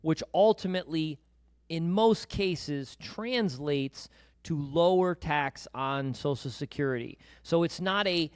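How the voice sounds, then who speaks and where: A man's voice: a little high, slow pace, clear, resonant tone, no room sound, studio quality. A middle-aged man hosting a financial podcast, talking casually and summarizing points with personal stories. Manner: conversational, anecdotal, interjecting to summarize. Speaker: podcast host. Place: podcast studio.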